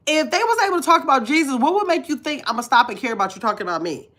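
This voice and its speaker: This vlogger, a woman in her fifties, has a nasal, high voice pitched above most women's, with a bright, forward, sing-song tone and a fast delivery. In a casual live stream she bluntly preaches at her viewers and pauses to read their comments aloud.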